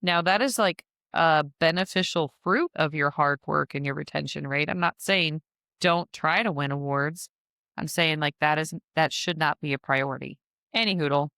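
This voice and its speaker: A woman's voice: low voice, normal speed, sharp tone, smooth, no echo, clean studio sound. A woman hosting a casual business-advice podcast, chatty with frequent fillers and self-deprecating asides. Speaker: podcast host and business mentor.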